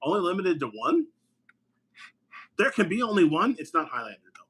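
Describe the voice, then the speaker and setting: A man co-hosting a podcast, talking in quick, joking, sarcastic tangents. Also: sits high, sing-song, fairly bright tone, breathy edge. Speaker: podcast co-host. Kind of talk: casual chat.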